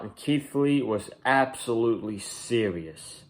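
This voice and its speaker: A man's voice: fairly low pitch, unhurried. Opinionated young man reviewing wrestling. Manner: rambling, opinionated, frequent restarts. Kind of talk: casual solo review.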